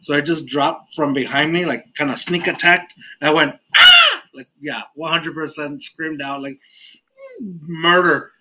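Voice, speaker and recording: A man's voice: a little high, fairly even intonation, normal speed, sharp tone. A man hosting a casual podcast, telling a story with lots of "like"s and laughs. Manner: laughing, rambling with many "like"s. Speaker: podcast host. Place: lives in Texas. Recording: dull lo-fi sound with faint ambient noise.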